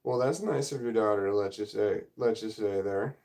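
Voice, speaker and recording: A middle-aged man speaks at normal speed in a fairly low, darkish voice while hosting an informal livestream from a home room. He reads chat aloud, rambles, gets sidetracked easily, and pokes fun at himself. Sound comes through a camera or phone microphone at the desk.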